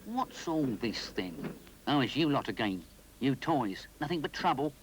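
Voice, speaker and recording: A man doing a gruff scolding train guard. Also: medium pitch, very animated, measured pace, noisy background, voice pushed up.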